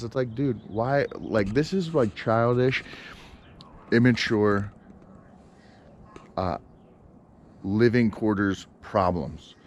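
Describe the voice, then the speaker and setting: A man's voice: fairly low pitch, slow pace, long pauses, muffled recording, a little hiss or hum. A man talking casually outdoors in his yard for a vlog, rambling and exasperated, with many fillers and restarts. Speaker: vlogger.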